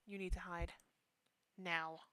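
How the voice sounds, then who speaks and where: Low, flat-voiced woman reading horror text. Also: clean tone, no echo, low-quality recording. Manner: drops to a hushed near-whisper for tense passages; slow, deliberate reading with breaks into quick asides. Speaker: streamer.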